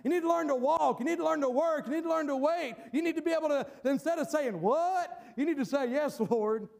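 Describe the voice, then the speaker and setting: Male preacher, very high voice, punchy delivery that swings from shouting to low asides. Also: fast, creaky. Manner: emphatic, bursts into shouted points then drops low. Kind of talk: sermon.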